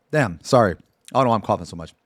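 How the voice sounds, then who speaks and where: A man's voice: mid-range voice, no room sound, studio quality. A man streaming live, telling a story to his chat in a rambling, profane way, full of restarts and asides.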